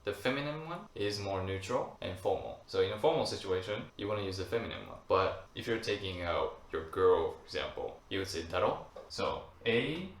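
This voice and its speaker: A man's voice: sits low, expressive, brisk, hardly any pauses. A young Japanese man with a Japanese accent giving a casual language lesson, explaining usage through short spoken example phrases. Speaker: language teacher. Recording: echoey room with faint noise.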